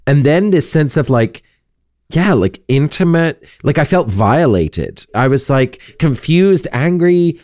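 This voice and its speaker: A man's voice: fairly high pitch, lively intonation, slow, a little mellow, dry recording. A man co-hosting a casual podcast discussion, talking earnestly and emphatically with plenty of "like" fillers on a close mic. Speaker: podcast co-host.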